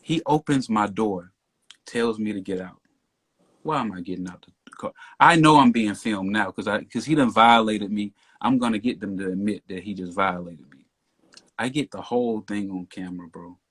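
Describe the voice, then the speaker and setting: A man telling a story as a podcast guest in casual talk, getting loud and worked up as he retells it. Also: fairly low pitch, moderate pace, husky. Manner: animated, rising to near shouting when retelling the stop.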